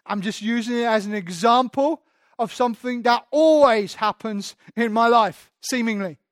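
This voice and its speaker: A man's voice: extremely high pitch, moderate pace, no echo, clean studio sound. A man preaching a sermon as pastor, candid and self-deprecating, often restarting his sentences.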